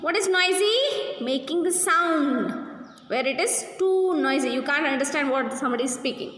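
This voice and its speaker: A woman's voice: high voice, a bit bright. A woman with a Kannada accent teaching an English school lesson, explaining step by step. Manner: spells out syllables slowly. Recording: echoey room with long reverb.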